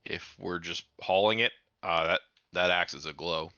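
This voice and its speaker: Very deep, bright-edged man on a dull mic. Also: moderate pace, no echo. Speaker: player. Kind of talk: casual tabletop play.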